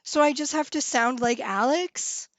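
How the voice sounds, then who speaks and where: A woman's voice: high-pitched, measured pace, a bit bright, no room sound. A woman hosting a live stream, chatting casually and giggling as she reads viewers' comments.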